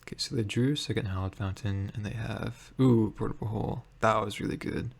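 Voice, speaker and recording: A man giving casual commentary on his own card game, thinking aloud with many pauses and fillers. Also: fairly low pitch, steady tone, vocal fry, breathy edge. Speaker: gameplay streamer.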